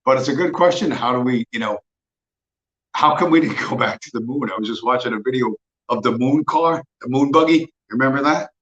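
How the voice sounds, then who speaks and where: A man's voice: mid-range voice, fairly quick, fairly bright tone. A man in his fifties hosting a livestream, talking in a blunt, profane, mocking rant. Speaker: livestream host. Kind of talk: casual ranting monologue. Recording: roomy, dull lo-fi sound.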